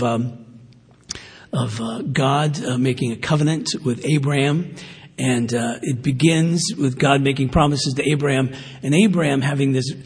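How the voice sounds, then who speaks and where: A man's voice: medium pitch, a little mellow, breathy edge. A man preaching a sermon in a conversational, earnest way, with fillers and asides. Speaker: pastor. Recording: long hall reverb.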